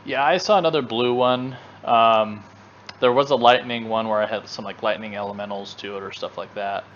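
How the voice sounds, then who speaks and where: A man's voice: on the low side, steady tone, moderate pace, a bit bright, dull audio, slight background noise. A man co-hosting a gaming channel in casual chat, rambling with lots of fillers and restarts.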